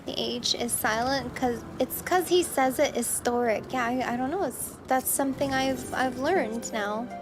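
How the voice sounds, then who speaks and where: A woman's voice: high voice, unhurried, hardly any pauses. A woman streamer chatting casually as she plays, musing aloud and second-guessing herself. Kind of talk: casual game commentary. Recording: game music playing underneath.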